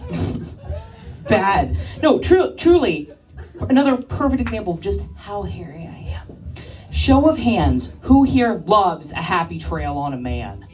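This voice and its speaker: A woman in her thirties performing loud, crude stand-up comedy and teasing the crowd. Her mid-pitched voice is picked up from a little distance in a live club. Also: big pitch swings, measured pace, soft background music. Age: 30s. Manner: brash, crude, loud crowd banter with frequent laughs. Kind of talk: stand-up set with crowd work. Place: live club stage with audience.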